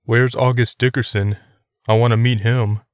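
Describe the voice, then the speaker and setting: A man's voice: medium pitch, little pitch movement, normal speed, clean tone, dry recording, studio quality, lightly acted. A man reading as a tense, bitter young man. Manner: strained, barely controlled. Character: young man, tense, holding back rage.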